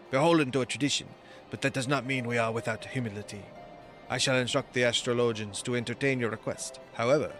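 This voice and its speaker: A man's voice: mid-range voice, fairly bright tone, lightly acted. A man voicing haughty in-game noblemen with a put-on French accent, reading their lines pompously. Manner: pompous, theatrical dialogue reading.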